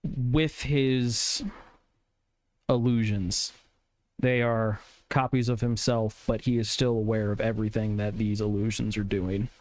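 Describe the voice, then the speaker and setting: A man's voice: medium pitch, a little mellow. A man playing a tabletop game, talking bluntly and swearing freely. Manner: blunt, profane, determined. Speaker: player. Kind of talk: casual tabletop role-play.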